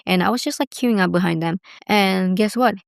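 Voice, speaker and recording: A vlogger in her 20s from Bali, Indonesia tells stories casually, chatty and rambling with heavy use of "like." Her voice is medium-pitched, gravelly, and fairly quick, captured in clean studio sound with no echo.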